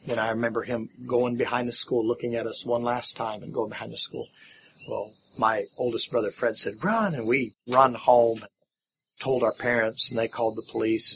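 A man's voice: mid-range voice, creaky, fairly bright tone, a little hiss or hum. A middle-aged man giving a personal testimony, telling his story plainly with fillers and repeated words. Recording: slightly dull lo-fi audio with faint music.

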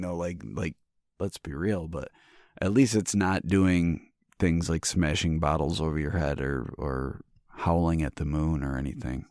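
Low-voiced, profane, joking podcast host. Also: male voice, a little mellow, dry recording, studio quality. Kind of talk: casual chat.

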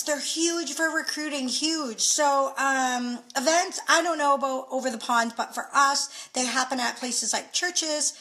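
A woman's voice: sits high, pushed and bright, poor audio. A woman from Canada chatting casually into her phone, sharing recruiting tips with many fillers. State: out of breath. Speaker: direct sales team leader. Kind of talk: casual live video chat.

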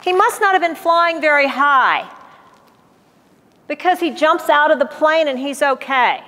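A woman museum docent reading a picture book aloud to children in a gallery, pausing to explain words. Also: high-pitched, long reverb tail. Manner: animated, explains words to kids.

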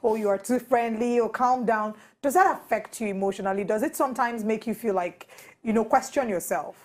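A woman's voice: a little high, fairly quick. A woman interviewing a guest. She asks questions in a teasing, friendly way. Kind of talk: casual interview chat.

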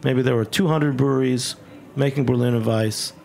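A man hosts a radio talk show from a studio, enthusiastic and a bit rambling, repeating words as he goes. His voice has a gravelly creak, and a faint noise sits in the background. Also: mid-range voice, fairly even intonation, moderate pace, darkish tone. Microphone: studio microphone.

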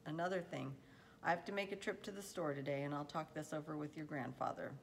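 A woman reading aloud as a patient farmer father speaking to his son in a slow, calm, reassuring way. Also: deep voice, creaky, slight background noise. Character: kindly, patient farmer father, middle-aged man.

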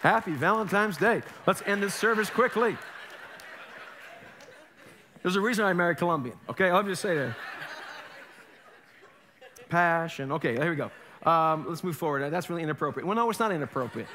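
A male pastor preaching a sermon in an animated way, acting out voices with humor. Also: fairly high pitch, moderate pace, pauses often, some chatter behind, a little hiss or hum.

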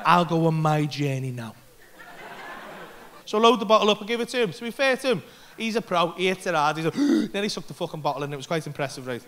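High-voiced stand-up comic. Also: male voice, very fast, a faint crowd, a little hiss or hum. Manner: animated, swears constantly, acts out voices and screams. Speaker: stand-up comedian. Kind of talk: stand-up storytelling. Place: comedy club stage.

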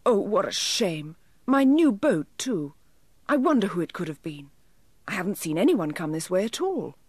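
A woman's voice: mid-range voice, sing-song, moderate pace, a little mellow, slightly rough, no echo, clean studio sound. A woman voicing a kind, polite little boy who speaks earnestly, in a storybook reading. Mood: dismayed. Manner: earnest and well-mannered.

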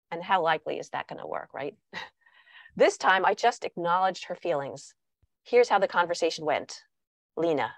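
Animated woman giving a parenting talk. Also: lowish voice, normal speed, no echo. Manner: animated, acts out children's and parents' lines. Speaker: parenting author and speaker. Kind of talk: talk to parents with acted-out examples.

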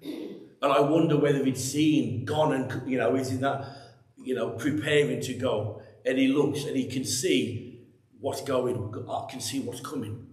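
A pastor with a medium-pitched, slightly mellow voice preaches at an unhurried pace with fairly even intonation, using a microphone in an echoey church room. He speaks to the congregation emphatically and conversationally, repeating many phrases.

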